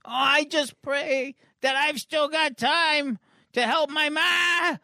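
A panicked teenage boy trapped in a burning house, pleading for rescue, as a man puts him on. The voice is pitched well above the man's own and climbs even higher when he cries out. It sounds close and dry. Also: takes it slowly, dry recording, full character voice. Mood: desperate. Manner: frantic, pleading, high and strained.

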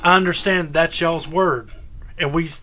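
A man with a Southern US drawl rambles through loose podcast banter, laughing and cursing as he goes. His voice sits a bit high and rings bright and forceful. He jumps from thought to thought without much of a plan. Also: fairly even intonation, unhurried. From American South. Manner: rambling, laughs often, swears freely. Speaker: podcast co-host. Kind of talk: casual chat.

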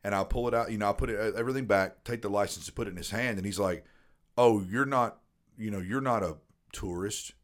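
A man's voice: fairly low pitch, fast talker. A man in his thirties from Tennessee, a podcast host telling a rambling, profane story. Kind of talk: casual storytelling.

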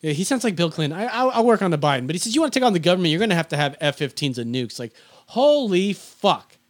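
A man hosting a podcast in casual chat, swearing freely and rambling excitedly. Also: a little high, racing. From Filipino family. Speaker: podcast host.

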